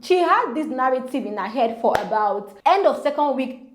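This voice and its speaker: High lively Nigerian woman vlogger. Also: moderate pace, slight background noise. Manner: animated, acts out quoted housemates. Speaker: reality show commentator. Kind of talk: casual recap vlog. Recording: echoey room, faint music.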